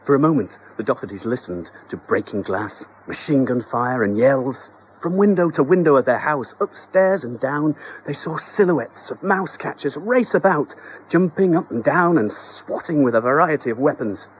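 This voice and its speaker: A man narrating a children's story in a scripted, expressive, comic storytelling manner. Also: medium pitch, moderate pace, a little hiss or hum, poor audio.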